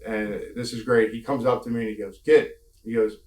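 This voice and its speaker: A man with a fairly low voice tells candid stories from his wrestling days, casual and laughing, with the odd curse. The room around him has a noticeable echo. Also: flat delivery, fast talker. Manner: candid, laughing storyteller with mild swearing. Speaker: former wrestler interviewee. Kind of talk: casual storytelling interview. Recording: echoey room.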